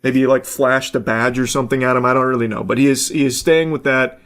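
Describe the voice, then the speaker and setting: A man's voice: mid-range voice, fairly even intonation, fast talker, a bit bright. A man giving blunt, casual reaction commentary, talking loosely with plenty of fillers.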